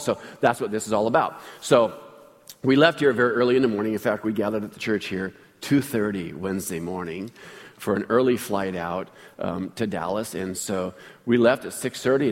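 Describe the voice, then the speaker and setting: A man's voice: fairly low pitch, long reverb tail. Chatty storytelling male pastor. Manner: storytelling, chatty, asks the congregation questions. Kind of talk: sermon.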